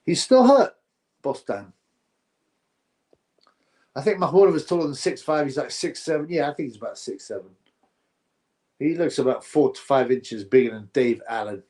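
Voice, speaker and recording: A man hosting a live stream, chatting to viewers and reacting excitably to a fight. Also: medium pitch, moderate pace, long pauses. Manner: chatty, excitable, slangy, talks to chat viewers.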